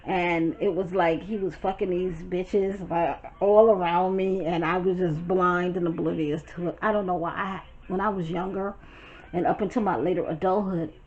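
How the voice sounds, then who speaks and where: A woman from Brooklyn, telling a story to her viewers in a chatty, animated and profane way. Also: fairly low pitch, normal speed, highs cut off. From Brooklyn, New York. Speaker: storytime vlogger. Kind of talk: casual storytelling.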